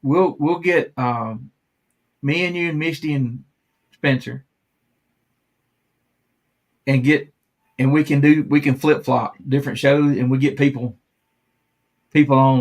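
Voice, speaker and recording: A man's voice: mid-range voice, a little slow, pauses often. A man hosting a live stream, chatting casually, rambling and laughing often.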